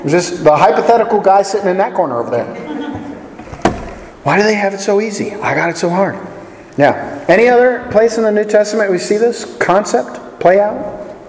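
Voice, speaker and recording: A man with a slightly high voice leads a casual Bible study, chatty and full of jokes, often turning questions over to the group. His voice rings around a large room with a long, echoing reverb. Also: animated, moderate pace, a little hiss or hum. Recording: echoey hall with long reverb.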